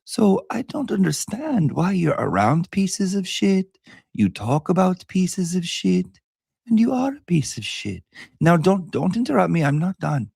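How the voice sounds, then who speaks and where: A sneering, fake-polite woman bully, as a man puts her on, raised well above his own voice. Her words come out gravelly and swing wildly in tone. The sound is dry and close. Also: high voice, very animated, a little slow, darkish tone, no room sound, voice pushed up, exaggerated voice. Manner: sneering, insists on respect while insulting. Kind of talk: storytelling impression.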